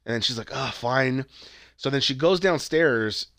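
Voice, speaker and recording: A young man chats through a movie's plot with lively, swooping intonation, slipping into quick impressions of the characters. He swears casually. The recording is dry and close. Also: mid-range voice, dry recording. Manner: animated retelling, acting out quotes, swearing. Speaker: podcast co-host. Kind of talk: casual movie review chat.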